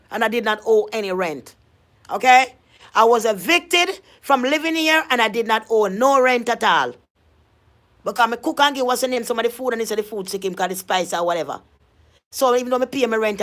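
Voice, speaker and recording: A woman's voice: on the high side, fairly bright tone. Emphatic woman. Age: adult. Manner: emphatic, repetitive, confrontational. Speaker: vlogger. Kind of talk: ranting vlog monologue.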